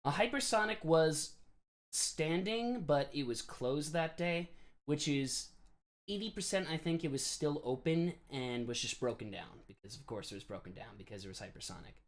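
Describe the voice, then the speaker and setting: A man's voice: fairly high pitch, moderate pace. A man in his late twenties from the New York area, chatting casually on a live stream, laughing often and filling his talk with "like" and "um.". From New York area, USA. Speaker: live streamer answering chat.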